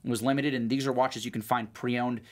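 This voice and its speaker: A man's voice: medium pitch, fairly even intonation, fairly quick. A man co-hosting a show as a watch trader, talking in a rambling casual way with lots of fillers and restarts. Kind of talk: casual chat.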